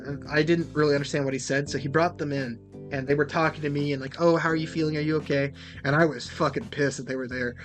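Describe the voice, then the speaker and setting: A young man tells a story on a casual podcast, slightly high in pitch, with soft music playing underneath. He is animated, swears freely and acts out the lines of the people in his story. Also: fast talker. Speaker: podcast host.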